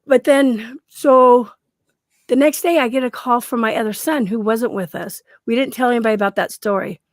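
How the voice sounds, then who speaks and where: Animated middle-aged woman telling a story. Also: fairly high pitch, normal speed, no room sound, clean studio sound. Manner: animated storyteller, acts out quoted dialogue, laughs often. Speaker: guest. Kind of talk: storytelling in casual chat.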